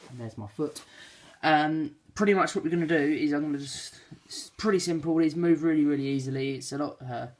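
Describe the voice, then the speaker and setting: This young Englishman has a fairly high voice and speaks briskly with few pauses as he unboxes in his bedroom. He chats and rambles, using lots of fillers and poking fun at himself. The recording is noisy home camera audio from a handheld mic, with packaging crinkles and clicks.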